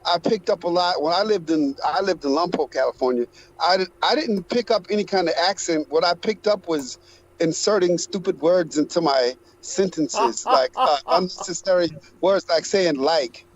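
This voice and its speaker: A man's voice: high-pitched, normal speed, a little hiss or hum, rough recording. A man co-hosting a livestream, telling rambling personal anecdotes in casual chat. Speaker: livestream co-host.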